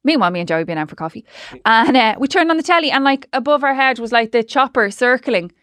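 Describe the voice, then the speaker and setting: An Irish woman hosting a podcast, telling stories in quick casual chat and acting out what others said. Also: a little high, lively intonation, fairly bright tone, no room sound, studio quality. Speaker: podcast host.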